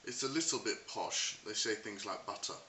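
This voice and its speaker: A Scottish man talks through a casual comic monologue, wry and teasing, slow and rambling. His voice sits a little low yet sounds bright and forceful. It is caught from some distance in a roomy space, with a faint hiss behind it. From Scotland. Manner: mocking, wry, rambling with fillers. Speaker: vlogger.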